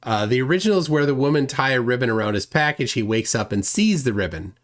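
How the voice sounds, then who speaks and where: A man's voice: medium pitch, animated, fast talker. A man hosting a casual livestream, reading viewer comments aloud and rambling with self-deprecating chuckles. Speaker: livestream host.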